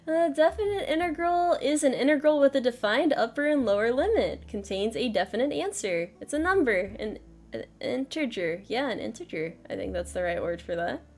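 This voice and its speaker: A woman's voice: a little high, expressive, moderate pace. A woman streaming a casual math lesson, joking at her own expense, laughing often and swearing casually.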